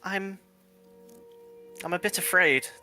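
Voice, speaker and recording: A man voicing a timid, frightened young girl who speaks hesitantly and softly. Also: high voice, takes it slowly, faint music behind, voice pushed up, exaggerated voice.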